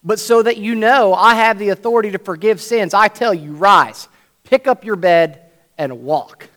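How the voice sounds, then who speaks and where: Jesus, played by a male preacher as a calm authoritative man, low, hushed and deliberate, a step down from a high voice. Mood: solemn.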